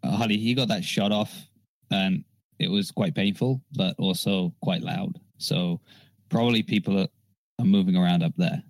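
A man's voice: sits low, normal speed, dry recording, poor audio. A man playing a tabletop game, talking through plans in a playful, scheming way and chuckling now and then. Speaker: player. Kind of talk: casual tabletop game play.

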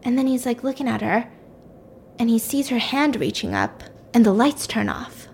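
A woman's voice: a little high, sing-song, normal speed, creaky, a little mellow, a little hiss or hum. A young woman casually retelling a fictional mystery story, chatty and acting out the characters' lines.

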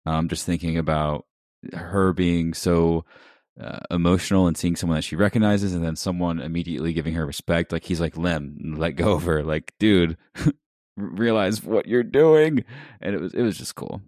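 A man's voice: sits low, normal speed, a little mellow, no room sound, clean studio sound. A man co-hosting a casual book podcast, making wry asides. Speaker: podcast co-host.

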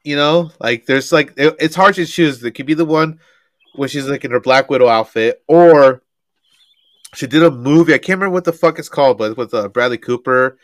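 A man's voice: medium pitch, a little fast, no room sound. A young man co-hosting a podcast, chatting casually with friends, swearing freely and laughing often. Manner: profane, laughing, animated storytelling. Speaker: podcast co-host. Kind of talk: casual chat.

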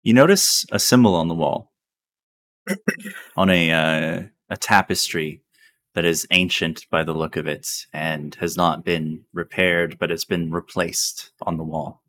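A man running a tabletop game as game master, talking slowly and casually and swearing now and then. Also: sits low. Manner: slow, relaxed, swears casually.

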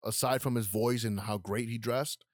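This young New Yorker co-hosts a podcast, telling a family story in casual conversation with a medium-pitched voice at normal speed. He's animated, swears freely, and acts out what people said. It's a clean studio recording with no echo.

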